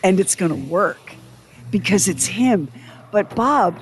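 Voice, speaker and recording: A woman co-hosting a podcast in casual chat, an animated storyteller who laughs often. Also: medium pitch, takes it slowly, a little hiss or hum. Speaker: podcast co-host.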